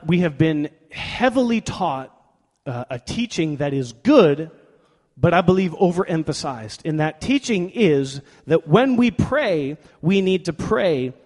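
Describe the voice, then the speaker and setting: A man's voice: fairly high pitch, a little mellow. A man preaching a sermon, telling a story with energy and acting out quoted voices. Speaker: pastor. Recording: long hall reverb.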